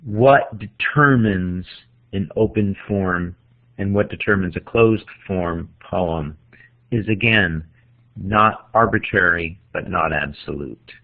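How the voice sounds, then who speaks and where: A man teaching a class on poetry, speaking deliberately and walking through examples one by one. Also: low voice. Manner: slow, deliberate, counting out examples. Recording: tinny phone-like audio.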